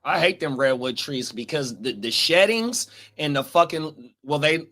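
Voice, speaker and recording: Man, podcast co-host, casual slangy chat, slightly high voice, reads comments aloud. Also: lively intonation, unhurried, pushed and bright. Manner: slangy, repeats catchphrases, reads out viewer comments.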